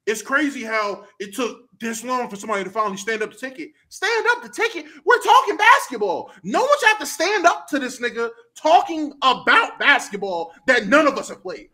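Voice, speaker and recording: Streamer guy ranting, bright sharp tone, talks in aave, goes loud then mumbles, real animated. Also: extremely high pitch, brisk, hardly any pauses. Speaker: streamer host. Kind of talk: casual rant.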